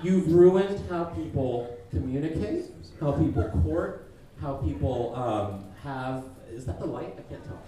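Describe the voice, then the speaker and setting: A man doing a stand-up roast while sick, rambling and halting in a self-deprecating way on a comedy club stage. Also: a little high, lively intonation, dark tone, slight background noise. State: sick, congested. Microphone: stage mic at a distance. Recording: echoey stage from far off, crowd laughter.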